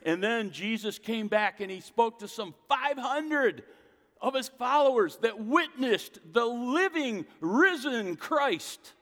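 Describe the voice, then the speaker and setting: A man's voice: very high-pitched, animated, slow pace, fairly bright tone. Preaching man with hall reverb. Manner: emphatic preaching, rhetorical questions. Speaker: pastor. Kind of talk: sermon.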